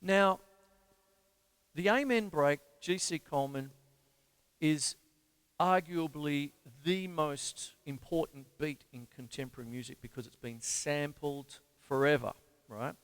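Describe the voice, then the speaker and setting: Chatty Australian drum teacher counting beats. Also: male voice, on the high side, unhurried, a bit bright. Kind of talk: live-streamed drum lesson. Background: drum kit playing.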